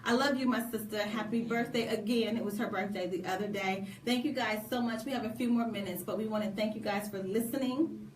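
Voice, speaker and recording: Lively woman, echoey distant mic. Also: mid-range voice, brisk. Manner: lively, preachy, laughing asides. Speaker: co-host. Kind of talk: casual radio talk.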